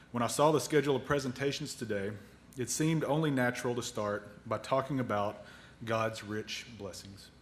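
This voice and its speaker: Earnest middle-aged headmaster with a cold. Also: male voice, mid-range voice, a little hiss or hum. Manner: earnest, measured reading with faith-filled phrasing. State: has a cold, on cold medicine. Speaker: school headmaster. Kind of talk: reading a prepared presentation.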